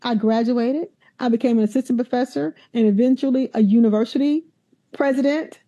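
Emphatic woman, mellow voice, dull sound. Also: fairly high pitch, fairly quick. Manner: animated storyteller, emphatic. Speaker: university president, guest. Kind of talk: conversational interview.

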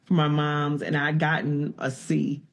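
A man hosting a relaxed interview, his voice a touch high and full of gravelly fry. He talks in a folksy, expressive way and trades stories with his guest. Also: measured pace, dull audio. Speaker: podcast host. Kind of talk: casual interview chat.

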